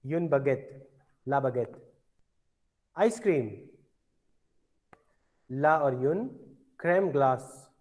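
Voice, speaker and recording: Slow patient man teaching French. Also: medium pitch, animated, muffled recording. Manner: slow, patient, repeats words for drilling. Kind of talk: classroom language lesson.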